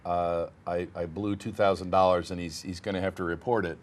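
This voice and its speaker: A man's voice: low voice, level tone, fairly quick. A man who is a stage actor, explaining his show's story in an articulate, fluent way. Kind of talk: interview answers.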